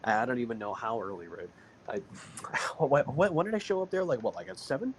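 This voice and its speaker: A man chatting on a casual podcast, spinning a long story with lots of "right?" and "you know". His voice moves a lot in pitch. A faint hiss sits behind him. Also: sing-song, brisk. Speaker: podcast host.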